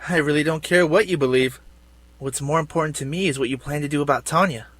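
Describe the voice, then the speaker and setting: A man's voice: on the high side, fairly bright tone, no echo. An actor playing a smug young man who coldly taunts his former friend in a video game. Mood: taunting. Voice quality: cold, taunting, measured.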